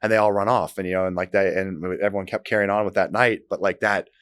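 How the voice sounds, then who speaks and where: Low-voiced male podcast host. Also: quick pace, dry recording. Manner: animated storyteller, many fillers. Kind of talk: casual podcast conversation.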